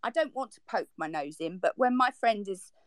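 A woman's voice: lively intonation, normal speed, no echo. Exasperated woman in a heated argument. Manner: exasperated, defensive, pitch jumping up when upset. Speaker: participant in a social audio chat.

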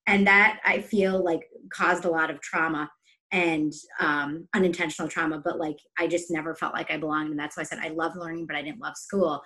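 A woman teacher speaks with conviction, pressing hard on her key points. Her voice sits on the lower side. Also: flat delivery, fairly quick, pushed and bright. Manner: passionate, emphatic. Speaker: teacher, podcast guest. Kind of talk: casual conversation.

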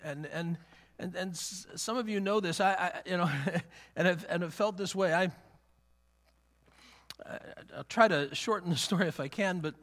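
A man preaching in a church with a voice pitched a little above the usual for men. He talks haltingly, repeating his words and breaking into small chuckles as he tells a personal story in a sermon. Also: fairly bright tone. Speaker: pastor.

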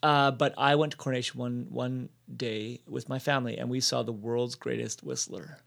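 Chatty man in his forties, gravelly. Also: medium pitch, fairly even intonation, normal speed, a bit bright. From Canada. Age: 40s. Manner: chatty, laughs easily, digresses. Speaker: podcast co-host. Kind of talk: casual faith podcast chat.

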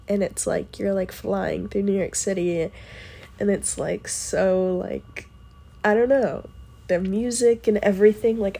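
A woman telling a story in a casual, chatty way. She uses lots of fillers and acts out quoted lines in a higher voice. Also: gravelly, warm tone, breathy edge. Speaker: podcast host.

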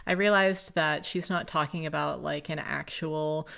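A woman's voice: low-pitched, fairly even intonation, measured pace, creaky, fairly bright tone. A young woman hosting a casual solo podcast, talking candidly and confessionally with lots of fillers like "like" and "you know.". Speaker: podcast host.

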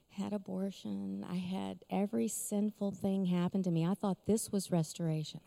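A middle-aged conference speaker tells an emotional story of her own life, laughing often as she goes. Her mid-range voice is creaky and warm, echoing with long reverb through a large conference hall.

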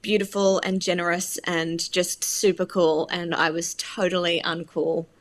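A woman being interviewed about her film, talking in a halting, self-deprecating, openly emotional way. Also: fairly low pitch, little pitch movement. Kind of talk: casual interview conversation.

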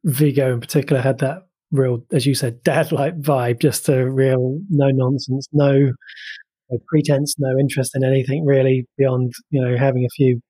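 Husky-voiced man chatting about films. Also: mid-range voice, flat delivery, moderate pace, dark tone, no echo. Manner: chatty and enthusiastic, with frequent fillers and restarts. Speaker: film podcast co-host. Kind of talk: casual film review chat.

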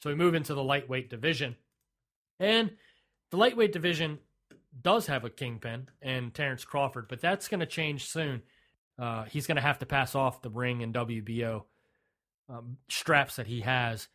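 A man in the middle of a casual podcast chat, talking at an ordinary pitch for a man. He is blunt and opinionated, stumbles and restarts mid-thought, and states his views flatly. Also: moderate pace. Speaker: podcast co-host.

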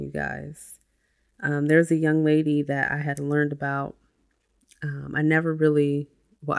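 Gravelly low-voiced woman hosting a podcast. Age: adult with a child. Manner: chatty, uses lots of "you know" and "like". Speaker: podcast host. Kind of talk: casual self-help podcast monologue.

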